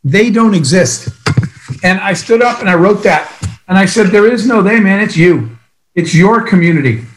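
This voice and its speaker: Male motivational speaker, earnest and emphatic, higher voice, roomy reverb. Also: fairly bright tone. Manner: earnest, emphatic storytelling with long pauses. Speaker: speaker at a business event. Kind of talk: motivational speech.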